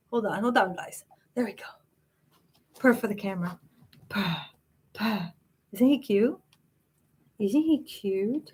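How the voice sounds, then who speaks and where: A woman hosting a live psychic stream, chatting casually and telling stories in an animated way. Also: high-pitched.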